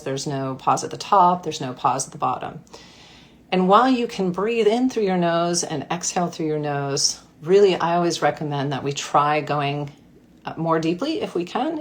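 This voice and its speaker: A woman coach guiding a breathwork practice in a gentle, playful way. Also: deep voice. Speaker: mindfulness coach. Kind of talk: guided breathwork instruction.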